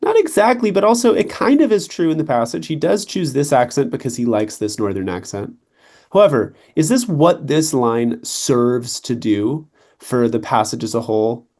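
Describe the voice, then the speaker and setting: A young man explains reading test answers to a student, checking in with quick questions as he goes. His voice sits at an ordinary middle pitch, and his delivery is relaxed and conversational. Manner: conversational, checks in with "right?" and "okay". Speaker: test prep tutor.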